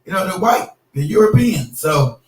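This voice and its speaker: A man's voice: high voice, expressive, moderate pace. A man in casual, profane chat who tells stories and laughs as he goes. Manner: loose, profane, laughing storyteller. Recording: roomy echo, distant mic.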